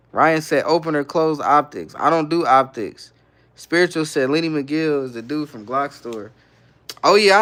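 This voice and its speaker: A young man hosts a casual livestream, reading each viewer comment aloud and then answering it in easygoing slang. His voice sits a little high for a man and comes through smooth and clear. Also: a bit bright. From San Francisco Bay Area, California. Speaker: livestream host.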